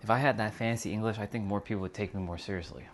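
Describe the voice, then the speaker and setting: A man's voice: lowish voice, fairly even intonation, racing, noisy background. A man from North America, chatting casually with viewers on a livestream while making a hot drink. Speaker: livestream host.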